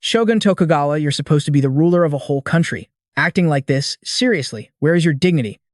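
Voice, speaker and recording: A man plays a fierce high priestess who stares down a tyrant. her scornful voice sounds a bit high and completely dry. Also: expressive, fast talker, no echo, lightly acted. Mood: defiant. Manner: defiant, scornful.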